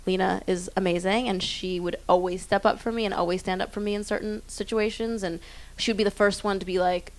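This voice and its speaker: Young woman singer rambling cheerfully at a live theater q&a, bubbly and self-deprecating, mid pitch. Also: fairly even intonation, brisk. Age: 20s. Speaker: guest singer. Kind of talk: live onstage interview. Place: theater stage before an audience.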